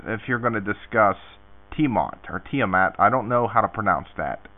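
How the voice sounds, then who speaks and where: A man hosting a radio show, reading listener questions in a casual, animated way and laughing between them. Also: fairly low pitch, brisk. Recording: tinny phone-like radio audio.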